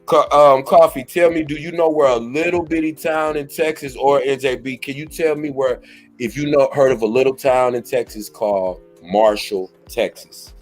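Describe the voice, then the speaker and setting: A man's voice: medium pitch, moderate pace, faint music behind. Easygoing man co-hosting a stream. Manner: easygoing, agreeing, tells stories with put-on greetings. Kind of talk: casual live-stream chat.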